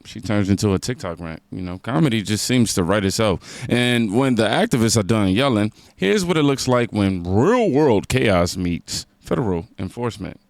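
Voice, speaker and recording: A man hosts a reaction video and talks over news footage in a sarcastic, mocking commentary. His voice sits low with a gravelly edge, and his pitch rises and falls a lot. The sound is close and dry. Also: animated, moderate pace, hardly any pauses, no room sound.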